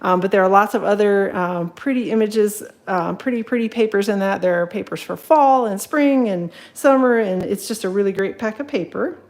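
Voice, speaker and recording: A woman's voice: mid-range voice, darkish tone, rough recording. Woman, craft tutorial, chatty, filler-heavy, live from home. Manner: chatty, with many ums, greets viewers while working. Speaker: craft demonstrator. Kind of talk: live card-making tutorial.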